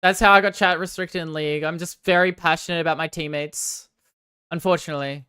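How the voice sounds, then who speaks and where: A woman livestreaming a game, chatting with her viewers and swinging from excited outbursts to sheepish apologies. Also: low-pitched, a little fast, clean tone, no echo, clean studio sound. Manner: banters with chat, swears casually. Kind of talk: casual gaming livestream chat.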